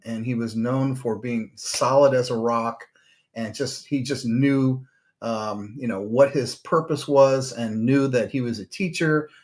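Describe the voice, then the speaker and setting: A man hosting his own podcast, telling a story in a loose, unscripted way with frequent fillers and restarts. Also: medium pitch. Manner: loose, rambling delivery with many fillers and restarts. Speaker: podcast host; psychotherapist. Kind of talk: storytelling monologue.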